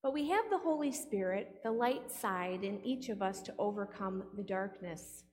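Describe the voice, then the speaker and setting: A woman's voice: medium pitch, animated, normal speed, a little mellow. A woman pastor delivering a playful sermon, often putting questions to the congregation. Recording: long hall reverb.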